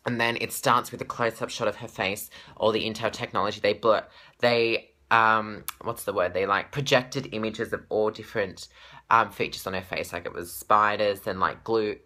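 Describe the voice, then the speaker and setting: An excitable Australian man talks straight to camera in a casual fan vlog. His voice is bright and forward. He gushes breathlessly and swears without a second thought. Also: fairly low pitch, moderate pace. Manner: gushing, breathless and swearing freely. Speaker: pop fan vlogger.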